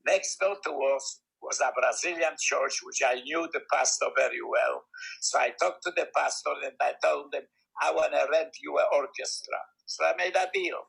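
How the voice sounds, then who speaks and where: A man in his nineties telling a story in casual talk, with broken English grammar and lively acted-out voices, heard over a video call. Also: fairly high pitch, moderate pace, creaky, breathy edge, rough recording. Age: 90s. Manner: animated, acts out quoted voices; non-native English grammar. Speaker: guest storyteller.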